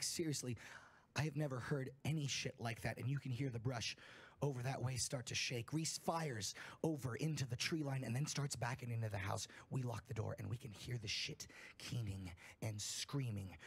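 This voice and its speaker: A man with a husky, gravelly voice reads a campfire horror story aloud. He tells it in a blunt, emphatic way and swears often. His voice sits at an ordinary pitch for a man.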